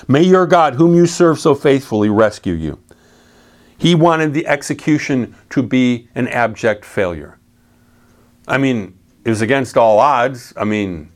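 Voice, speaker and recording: Casual, plain-spoken male preacher. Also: medium pitch. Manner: casual and plain-spoken, reading scripture aloud then explaining. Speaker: pastor. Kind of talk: conversational sermon.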